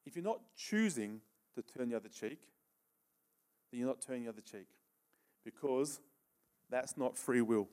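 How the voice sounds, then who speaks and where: A man's voice: mid-range voice, animated, moderate pace, long pauses, a little mellow. Conversational male preacher. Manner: conversational, asks "okay?" often, laughs between points. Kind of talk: sermon with live demonstration.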